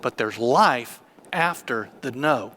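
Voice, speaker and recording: Bright-voiced preaching man. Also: medium pitch, animated, takes it slowly, a little hiss or hum. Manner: emphatic, repetitive. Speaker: church elder. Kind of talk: sermon.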